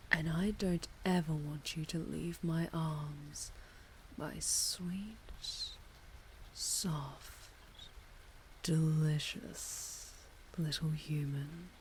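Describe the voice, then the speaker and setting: A strong, possessive orc warrior woman, played by a woman in whispered role-play. She speaks low and unhurried, sliding into breathy whispers. A faint hiss of noise sits behind her. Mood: seductive, possessive. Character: powerful female orc warrior, tender and possessive. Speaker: ASMR storyteller.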